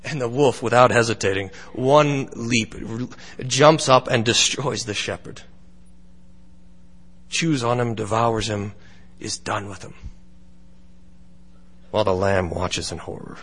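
A man pastor giving a sermon, speaking slowly and deliberately with pauses, in a church. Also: medium pitch, a bit bright, big-room sound. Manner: slow, deliberate, with pauses and dramatic storytelling.

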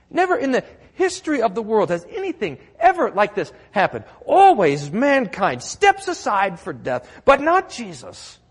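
A man's voice: very high voice, husky, long reverb tail. A man preaching a sermon in a church, telling the story with drama and building to emphatic declarations. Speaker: pastor.

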